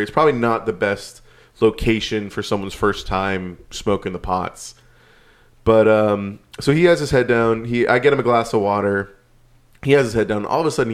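Laid-back guy rambling through a story, swears a bit, average pitch. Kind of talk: casual storytelling chat.

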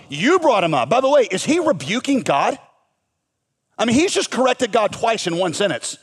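Young guy preaching, high voice, lively, keeps asking the crowd questions. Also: moderate pace, husky. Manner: animated, rhetorical questions, voices God and Moses in quotes. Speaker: pastor. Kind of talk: sermon.

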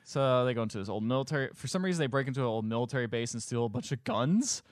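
A man's voice: mid-range voice, very fast, no room sound, studio quality. A man co-hosting a podcast, retelling a movie's plot in a sarcastic, exasperated way with casual swearing. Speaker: podcast co-host recapping a movie. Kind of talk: casual chat.

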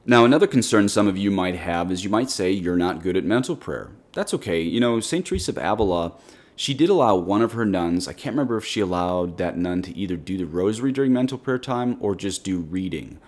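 A man's voice: deep voice, expressive, brisk, darkish tone. A man, a Catholic priest, giving a conversational teaching on prayer on his podcast in an earnest, direct, plain-spoken way.

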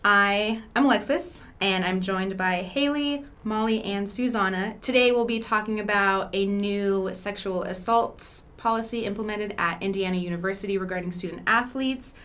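A woman's voice: mid-range voice, moderate pace, hardly any pauses, a bit bright. A young woman hosting a sports podcast, talking casually with lots of fillers. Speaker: podcast host. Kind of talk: casual chat.

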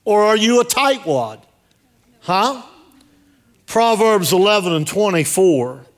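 A fairly high-voiced male pastor preaching at a church service. He is jokey and direct and keeps firing questions at his congregation. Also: expressive, slow, pauses often. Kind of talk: sermon.

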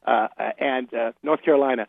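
A man's voice: medium pitch, fairly even intonation, normal speed, creaky, no echo. An older man chatting as a radio guest, telling stories with laughs and restarts. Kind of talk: casual anecdotal interview. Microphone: phone. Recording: phone line.

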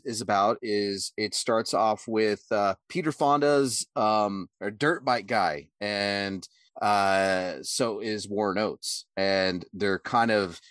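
A low-pitched man holds forth on a podcast in loose, profane, rambling talk. He often jumps into quoted lines in a louder, higher voice. The sound is dry and close, with no room around it. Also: no echo. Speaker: podcast co-host. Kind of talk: casual podcast chat.

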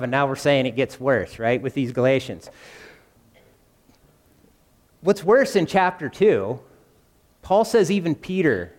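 Male preacher, fairly high voice, chatty sermon style, long church-hall echo. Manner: conversational, asks the congregation questions.

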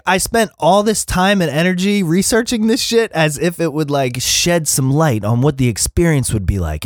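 A man in his thirties hosting his own podcast, telling stories in a profane, animated rant and mimicking the people he quotes. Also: medium pitch, no room sound, clean studio sound. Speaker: podcast host. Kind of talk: casual solo rant.

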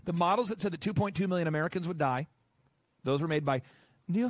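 A man with a notably high voice, fired up and talking in quick, emphatic bursts. He is a guest in an interview, recorded close and dry in a quiet studio. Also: no room sound. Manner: animated, emphatic, rapid-fire. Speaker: guest, business coach and podcast host.

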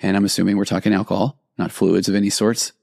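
A man's voice: sits low, little pitch movement, fast, creaky, darkish tone, dry recording, studio quality. A middle-aged man, a therapist hosting a podcast, talks earnestly and conversationally about listener stories, often restarting his sentences. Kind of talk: reflective podcast monologue reading listener stories.

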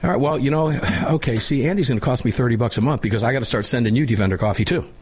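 A talk radio host man with a husky voice, speaking bluntly and with strong opinions in a radio studio. His delivery is casual and animated. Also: mid-range voice, very fast.

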